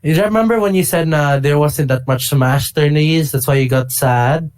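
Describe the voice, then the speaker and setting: Give me an excitable man in casual gaming talk. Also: fairly high pitch, moderate pace. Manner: excitable, animated storytelling with bursts of shouting. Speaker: podcast co-host. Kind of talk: casual chat.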